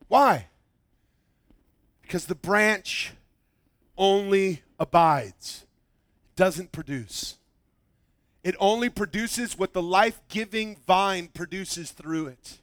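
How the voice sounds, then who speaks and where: High-voiced emphatic male preacher. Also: slow, long pauses, no echo, studio quality. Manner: emphatic preaching, swings from loud to hushed. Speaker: pastor. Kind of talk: sermon.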